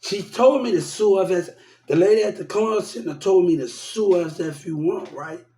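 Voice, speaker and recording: A man's voice: high-pitched, moderate pace, warm tone. A man ranting heatedly about his mistreatment, repeating himself and quoting what others told him. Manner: repetitive, aggrieved, quoting others. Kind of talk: heated personal rant. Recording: echoey room.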